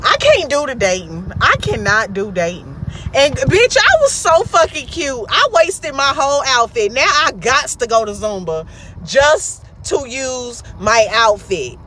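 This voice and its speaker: A woman vlog host telling the story of a bad date in a blunt, profane, animated way, recorded inside a car. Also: fairly high pitch, a little slow, a little hiss or hum.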